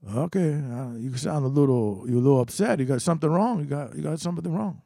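A man voicing a tough, protective older father with broken grammar and a blunt, menacing calm. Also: fairly high pitch, quick pace, vocal fry, dry recording, clean studio sound.

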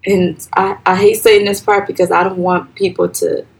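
A young woman from Liberia with a Liberian accent, recounting a painful personal story as a podcast guest in a soft, halting, hesitant way. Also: level tone, low-quality recording. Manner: soft, halting and hesitant, with quoted voices raised high and loud.

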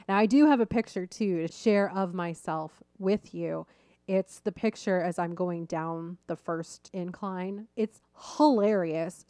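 A woman coach and host tells a story in a loose, conversational way and often laughs at her own misadventures. Her voice sits at an ordinary middle pitch. It is recorded dry and close, with no room sound behind it. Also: a little mellow, no room sound. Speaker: weight-loss coach and podcast host. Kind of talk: casual storytelling monologue.

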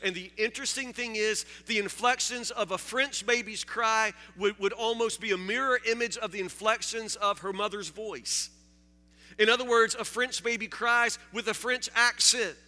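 A man preaching a sermon, halting and repeating words, joking with his listeners. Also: high-pitched, fairly even intonation, sharp tone, faint music behind. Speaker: pastor. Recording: long hall reverb.

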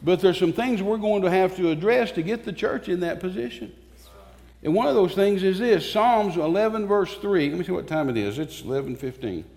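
Man, preaching, fervent, somewhat high voice, long church-hall reverb. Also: expressive, vocal fry, darkish tone. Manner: fervent, emphatic, with pauses and repetitions. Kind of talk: sermon. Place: church sanctuary.

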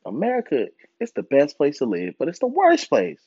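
A man's voice: fairly high pitch, huge pitch swings, normal speed, creaky, a little mellow, breathy edge, dry recording. A young man ranting casually and with lots of profanity, often mocking people in put-on voices. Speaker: podcast host. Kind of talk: casual monologue. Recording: dull lo-fi sound, dry.

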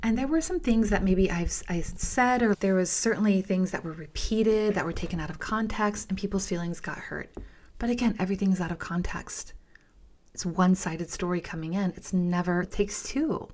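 On her podcast, a woman recounts a personal story at a moderate pace, her medium-pitched voice carrying a darkish tone. Candid and emphatic, she repeats words for emphasis, often slips into a whisper, and speaks to listeners as "you guys."

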